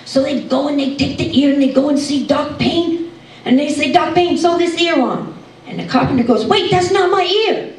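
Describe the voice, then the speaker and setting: A woman's voice: moderate pace, close to an everyday voice. Giggly hillbilly gossip woman doing a country comedienne. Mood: folksy. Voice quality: high, bubbly voice with frequent giggles. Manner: chatty, gossipy country storytelling. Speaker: tribute comedian. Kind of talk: live stand-up comedy monologue. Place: stage show in a hall. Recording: echoey hall, mic from far off.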